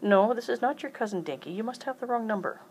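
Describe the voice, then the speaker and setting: Woman voicing a drowsy puzzled doctor, raised pitch, questioning, storybook reading. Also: expressive, fast talker, darkish tone, a little hiss or hum, natural voice. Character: sleepy middle-aged male country doctor.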